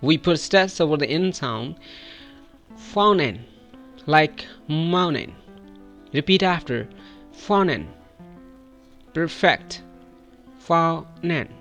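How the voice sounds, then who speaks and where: Faint music plays behind a Pakistani-accented man from Pakistan as he runs repeat-after pronunciation drills. His fairly high, fairly bright voice lingers on each model word for the listener to echo.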